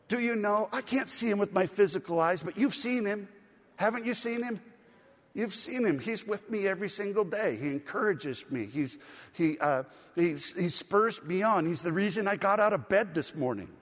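A middle-aged man preaching a sermon as pastor, telling family stories in a relaxed, conversational way full of fillers and restarts. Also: on the high side. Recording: long reverb of a large hall.

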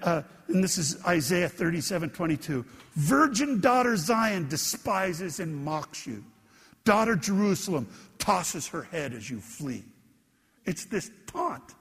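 Guy preaching a sermon, high kinda husky voice, chatty with the crowd, long church echo. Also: expressive, unhurried, a bit bright. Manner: conversational preaching, asking the congregation questions. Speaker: pastor. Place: church sanctuary. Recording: long church hall reverb.

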